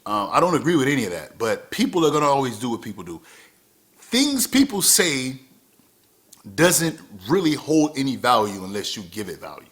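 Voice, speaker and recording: A man's voice: mid-range voice, big pitch swings, normal speed, fairly bright tone. A man in his thirties giving an earnest motivational talk to camera, repeating phrases for emphasis. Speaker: vlogger.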